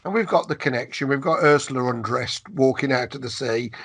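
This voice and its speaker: A man's voice: medium pitch, brisk, a bit bright, breathy edge. A man co-hosting a podcast in casual chat, jokey and chatty, with frequent restarts. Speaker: podcast co-host.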